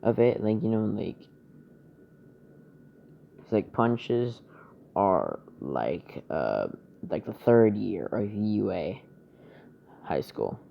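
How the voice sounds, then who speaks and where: A man casually retelling a fan story, rambling and halting as he searches for words, on a dull lo-fi recording. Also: on the low side, sing-song, vocal fry, a little hiss or hum.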